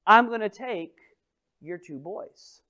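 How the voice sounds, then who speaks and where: A man preaching voices a threatening male debt collector, speaking bluntly and loudly in a raised voice. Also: high-pitched, expressive, slow pace, full character voice. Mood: menacing. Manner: blunt, menacing, loud.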